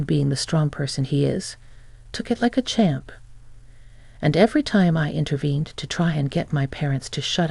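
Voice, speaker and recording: Woman, story narrator, gravelly voice, mellow tone, dry close sound, expressive first-person reading. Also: low-pitched, no echo. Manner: expressive, acts out dialogue.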